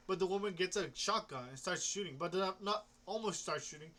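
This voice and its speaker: A man's voice: high voice, fairly quick, pushed and bright. A young man rambling casually about comics, hesitant, restarting often and swearing offhandedly. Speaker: comic book vlogger.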